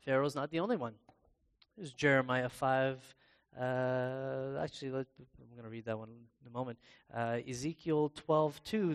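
A man preaching a sermon in a conversational way, pausing and restarting as he reads scripture aloud. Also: medium pitch, clear, resonant tone. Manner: bursts into loud, excited acted-out exclamations.

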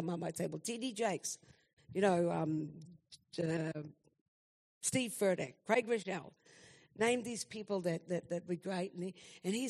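An older woman in her sixties tells a personal testimony in an earnest, heartfelt way. She speaks at a medium pitch, as if recounting a story to a church gathering. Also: darkish tone. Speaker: church member giving testimony.

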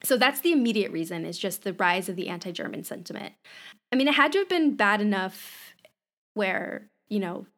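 A woman's voice: mid-range voice, expressive, normal speed, fairly bright tone. A woman co-hosting a casual history podcast, explaining at length with many fillers like "you know" and "like". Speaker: podcast co-host.

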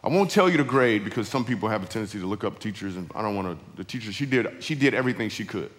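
A man's voice: on the low side, animated, racing. A middle-aged man telling a funny, slangy personal story as a guest speaker. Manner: casual, conversational, slangy storytelling. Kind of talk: storytelling talk with humor. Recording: long reverb of a large hall.

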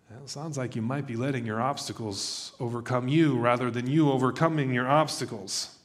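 A man preaching a sermon in a conversational, animated way, acting out quoted voices as he tells stories. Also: medium pitch, fairly quick. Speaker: pastor.

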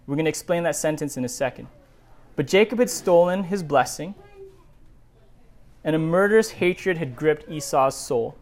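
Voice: medium pitch, expressive, normal speed, pauses often, darkish tone. A pastor preaching a sermon, reading scripture and stressing each word, with rhetorical questions and lists. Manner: emphatic, builds lists of words, asks rhetorical questions.

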